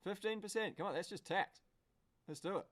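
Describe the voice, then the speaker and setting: A man commentating a car race live on a stream. He is excitable and swears, breaking into shouts at the screen. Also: high-pitched, fairly quick.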